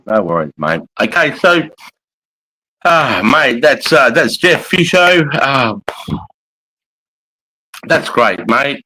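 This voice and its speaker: A man's voice: mid-range voice, sing-song, drawn-out words, pauses often, bright, forceful tone, low-quality recording. A middle-aged Australian man hosting a livestream from his couch at home, chatting in a casual, sweary way and calling everyone mate. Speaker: livestream host. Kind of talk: casual live chat.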